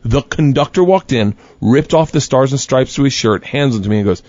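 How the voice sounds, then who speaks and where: A man's voice: medium pitch, lively intonation, fairly quick, heavy background noise. A man in his fifties, a comedian guest telling a comic story on a radio show in a boisterous way. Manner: boisterous, breaks into loud laughter. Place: radio studio. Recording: slightly dull radio studio sound.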